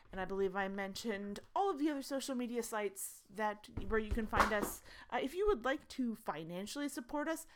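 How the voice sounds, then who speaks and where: A woman hosting a tabletop role-play podcast as its game master, chatting casually through announcements with many fillers and restarts, eager and pleading with her listeners for support. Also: mid-range voice.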